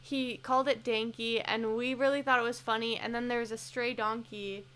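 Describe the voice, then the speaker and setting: Chatty higher-voiced woman podcast guest. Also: level tone, moderate pace, fairly bright tone, clean tone. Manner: chatty, storytelling. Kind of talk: casual podcast chat.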